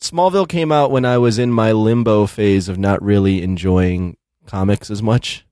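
A man's voice: on the low side, normal speed, warm tone, no echo, studio quality. A man co-hosting a podcast with a blunt, sardonic manner. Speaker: podcast co-host. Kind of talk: casual podcast chat.

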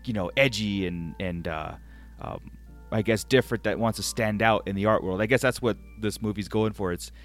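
A man's voice: fairly low pitch, normal speed, soft background music. A young man co-hosting a casual film review chat, rambling enthusiastically with lots of fillers. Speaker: podcast co-host.

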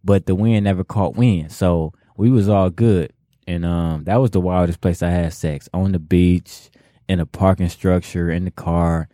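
A man's voice: sits low, fairly even intonation, measured pace, warm tone, no echo, clean studio sound. A man co-hosting a casual podcast chat, telling stories in a laid-back, slangy way and laughing often. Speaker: co-host.

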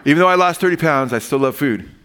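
A man's voice: fairly high pitch, lively intonation, fast, fairly bright tone. Casual, folksy male preacher. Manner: casual and folksy, says "man" often, tells jokes. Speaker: pastor. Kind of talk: sermon.

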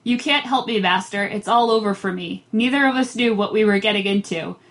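A woman's voice: medium pitch, a little fast, a bit bright, close to an everyday voice. A woman reading aloud the lines of a weary, despairing male little horse from a storybook, in a plain voice. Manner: hopeless, pleading. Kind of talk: read-aloud storybook dialogue.

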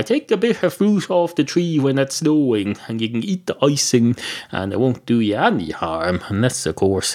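A man's voice: medium pitch, darkish tone. An Irish man hosting a comedy podcast, ranting in a rambling, sarcastic and sweary way. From Ireland. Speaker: podcast host. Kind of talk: comic monologue.

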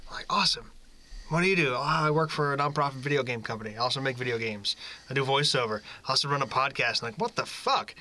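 Bright-voiced man in joking banter. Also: medium pitch, fast talker, a little hiss or hum. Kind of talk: casual chat.

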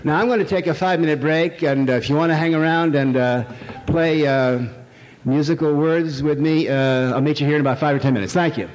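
Wry rambling lecturer in a reverberant hall. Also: male voice, a little high, brisk, a little mellow. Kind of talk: live lecture to an audience. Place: lecture hall with a live audience. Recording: long hall reverb, faint noise.

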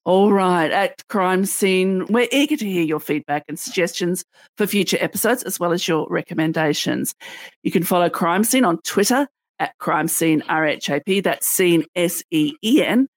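A woman co-hosting a podcast, her voice a little low, delivers dry, teasing jokes and reads out the show's contact details. The sound is close and dead dry, with no room echo. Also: normal speed. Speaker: podcast co-host. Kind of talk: casual podcast chat, reading outro.

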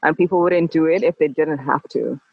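A woman guest on an interview, talking in a calm, level, measured way. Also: low voice, gravelly, slightly rough. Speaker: podcast guest. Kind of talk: casual interview chat. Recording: dull lo-fi dry sound.

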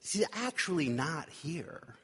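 A man's voice: fairly high pitch, sing-song, takes it slowly, a bit bright, slightly rough. A male pastor giving a sermon in a conversational, wry way, with playful asides. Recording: long reverb of a large hall.

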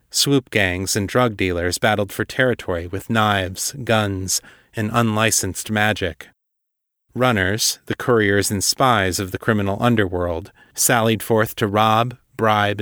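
A man with a low voice narrates a dark fantasy story in a measured, deliberate manner. The recording is dry and close, with no room sound. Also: no room sound. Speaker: podcast host and narrator.

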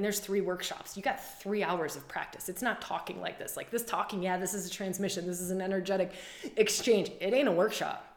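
A woman spiritual coach and podcast host giving an earnest, flowing talk, repeating phrases and laughing often. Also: mid-range voice. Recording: roomy echo.

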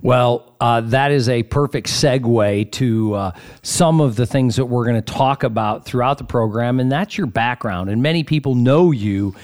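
A man's voice: medium pitch, moderate pace, a little mellow. A man hosting a radio talk show, introducing and interviewing a guest in a polished way.

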